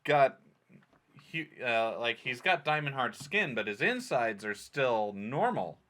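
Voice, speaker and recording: A man's voice: mid-range voice, very animated, takes it slowly, a bit bright. A man co-hosting a podcast in casual chat, recapping plot in a rambling way with many fillers. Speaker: podcast co-host.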